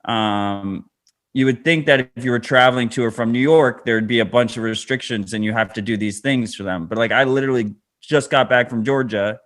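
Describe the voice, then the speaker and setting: A man's voice: medium pitch, fairly quick, a bit bright. A man co-hosting a podcast in casual chat, wry and matter-of-fact with casual swearing. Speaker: podcast co-host.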